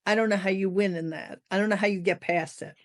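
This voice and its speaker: A middle-aged woman cohosting a podcast, telling a personal story in a lively way and acting out what others said. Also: mid-range voice, fast talker. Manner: animated storyteller, acts out quotes. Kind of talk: casual storytelling chat.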